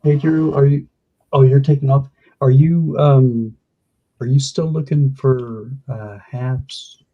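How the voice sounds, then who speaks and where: A man's voice: mid-range voice, steady tone, takes it slowly, phone-quality sound. A man co-hosting a livestream in casual chat, passing on news and announcements to viewers. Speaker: livestream co-host.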